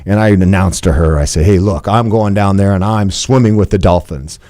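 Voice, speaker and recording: A man in his fifties telling a personal story as a podcast guest, playful and animated, laughing often. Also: sits low, moderate pace, dry recording. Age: 50s.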